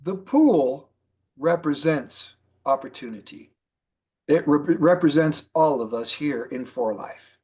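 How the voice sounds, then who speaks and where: A man's voice: fairly high pitch, expressive, slow pace, a little mellow, slightly rough. A man presenting a motivational training talk, telling stories and asking rhetorical questions. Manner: storytelling, rhetorical questions, repeats lists. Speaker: mentor presenter.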